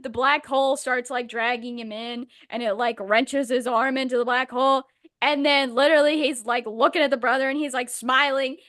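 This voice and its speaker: A woman's voice: high-pitched, pushed and bright. A young woman co-hosting a podcast, casually retelling a book in a rambling, profane, exasperated way. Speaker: podcast co-host. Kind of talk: casual chat.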